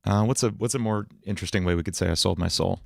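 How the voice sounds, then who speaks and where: A man's voice: sits low, fast talker, gravelly, dry recording. A man hosting a casual livestream, thinking aloud as he tries out words for a song. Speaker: livestream host writing songs.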